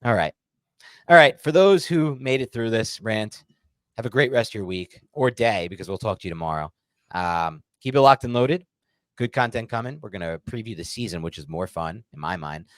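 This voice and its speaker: A stressed man co-hosting a sports podcast, ranting heatedly and swinging between loud outbursts and muttered calm. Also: lowish voice, fairly quick, no room sound. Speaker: podcast co-host. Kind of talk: casual sports podcast rant.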